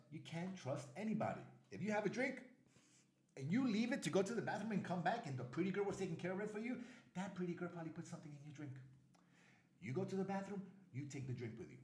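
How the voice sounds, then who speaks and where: A man's voice: on the high side, darkish tone, echoey room. A middle-aged man with a New York accent, speaking bluntly to camera and repeating his warnings for emphasis. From New York, USA. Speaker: travel vlogger. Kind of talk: casual direct-to-camera warning talk.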